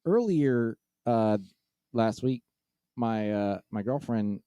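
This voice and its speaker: A man's voice: mid-range voice, lively intonation, slow pace, mellow, clear, resonant tone, no room sound. A man co-hosting a comedy podcast, talking casually with frequent hesitations. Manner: hesitant, many ums and uhs. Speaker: podcast co-host.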